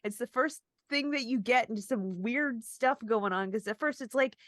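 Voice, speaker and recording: A woman's voice: on the high side, normal speed, fairly bright tone, no room sound, studio quality. A woman co-hosting a podcast in casual chat, rambling and self-deprecating, laughing often. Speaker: podcast co-host.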